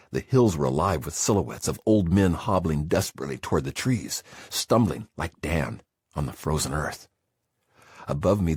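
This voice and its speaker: Super deep raspy guy reading a memoir, husky, lots of ups and downs. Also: a little mellow, dry recording, studio quality. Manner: intense, emotional first-person storytelling. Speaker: audiobook narrator. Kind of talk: scripted memoir narration.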